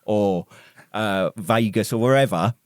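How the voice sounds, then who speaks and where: A man's voice: fairly low pitch, measured pace, no echo, studio quality. A British man, an army veteran co-hosting a podcast, chatting in laid-back, sweary banter. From United Kingdom. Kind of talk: casual podcast chat.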